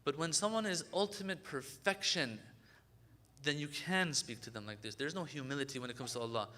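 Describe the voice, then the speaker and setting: Man, sermon, conversational preaching, fairly high voice, bright tone. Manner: conversational, reciting Arabic supplication lines rapidly. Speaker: sheikh giving a religious lecture. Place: lecture hall.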